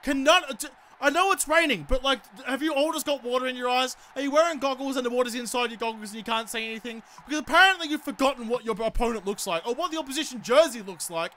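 A man's voice: very high voice, fast, bright, forceful tone, a little hiss or hum. An Australian man commentating his own football video game, ranting and swearing at his players with bursts of sarcastic politeness. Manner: exasperated, swearing rants at the game. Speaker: gaming YouTuber. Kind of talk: let's play commentary.

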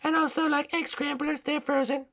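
A squeaky, tough princess from a breakfast kingdom, put on by a woman. She talks bluntly, full of slang, and her pitch sits far above the performer's own voice in a role-play game. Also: little pitch movement, moderate pace, vocal fry, a bit bright. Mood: sassy. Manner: blunt, slangy, calls people bozo.

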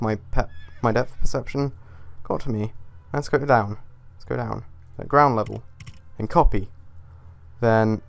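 Frustrated young man narrating gameplay. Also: medium pitch. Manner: easily frustrated, swearing, muttering to himself. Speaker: gaming YouTuber. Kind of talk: casual gameplay commentary.

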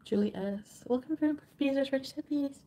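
A woman's voice: high-pitched, moderate pace, warm tone. A woman live streaming, reading out viewer comments in an emotional way and swearing often.

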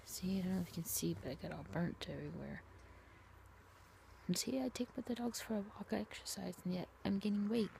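A woman vlogging to her camera in a weary, complaining way, often sinking into a breathy whisper. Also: medium pitch, a little fast, mellow, a little hiss or hum. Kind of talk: casual talk to camera.

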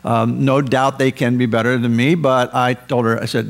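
A man preaching a sermon as pastor, emphatic, rising for stress and dropping low for asides. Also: level tone, moderate pace.

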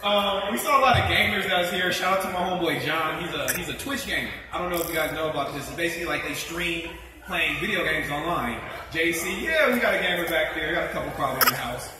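A young man doing a stand-up comedy set, animated and laughing at his own jokes, a bit out of breath. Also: fairly high pitch, quick pace. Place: convention hall. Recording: echoey hall, mic from far off, crowd noise.

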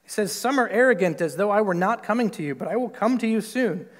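Male pastor, conversational sermon delivery, acts out quotes, high-pitched, church with a long reverb tail. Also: expressive, quick pace. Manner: conversational, lots of "like" and "right?"; acts out quoted voices with big pitch jumps. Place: church sanctuary.

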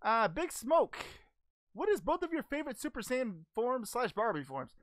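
A woman plays Goku, a cheerful, naive hero who fields fan questions in a goofy, scatterbrained way and keeps stumbling over ums. The voice sits fairly high and swoops all over the place. It is recorded dry and close, with no room sound at all. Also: big pitch swings, normal speed, no echo. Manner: goofy, easily distracted, hesitant with many ums. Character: cheerful naive male alien martial-arts hero. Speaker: channel host answering fan questions. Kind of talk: in-character fan Q&A.

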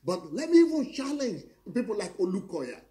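A man's voice: high-pitched, sing-song, normal speed, dark tone. A middle-aged man, preaching in a confrontational, declaiming way with pointed rhetorical questions. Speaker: pastor. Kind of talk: fiery preaching monologue.

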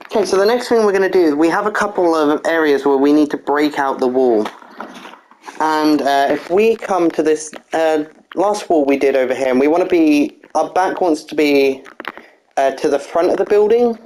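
A casual walkthrough narrator at a middle pitch, calmly explaining a block-by-block build. The voice counts pieces aloud and patiently fixes its own slips. A faint hiss sits under the recording. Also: moderate pace, rough recording. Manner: methodical step-by-step instructions, counting blocks aloud, frequent "uh"; apologetic, corrects own slips.

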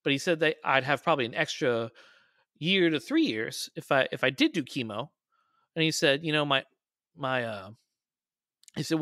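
A man's voice: mid-range voice, expressive, normal speed, long pauses, bright, forceful tone, no room sound, clean studio sound. A man, a podcast guest, telling a story in casual conversation and raising his voice when quoting people.

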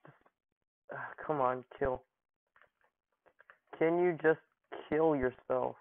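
A man's voice: mid-range voice, fairly even intonation, slow. A young man commentating casually over his gameplay, joking and taunting opponents in mock-dramatic lines. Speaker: gaming channel host. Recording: dry, phone-like narrow audio.

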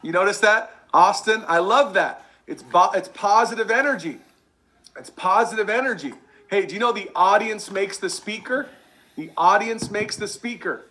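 A man coaching a sales team, energetic and repetitive, drilling catchphrases over and over. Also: high-pitched, normal speed, slight background noise. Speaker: sales trainer. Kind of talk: energetic sales training talk.

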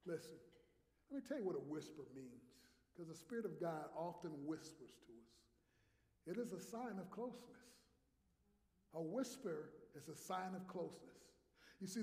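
A male pastor preaching in a church sanctuary, his high voice carrying a gravelly edge. He reads Scripture with rising intensity and swings from loud proclamations to hushed, close delivery. The sound bounces through a roomy hall with a long reverb tail. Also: expressive, normal speed. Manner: dramatic, swings from loud declarations to hushed whispers. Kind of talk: preaching a sermon.

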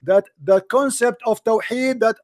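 Insistent male debate host, first language Arabic, high pitch, dry close sound. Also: measured pace, dry recording. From Middle East. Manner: insistent, repeats questions over and over. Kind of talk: heated debate.

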